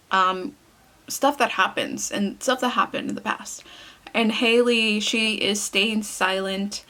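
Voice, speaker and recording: A woman's voice: mid-range voice, fairly bright tone, a little hiss or hum. A young woman vlogging casually to her viewers, chatty and earnest, with frequent fillers and self-corrections. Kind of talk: casual vlog talk to camera.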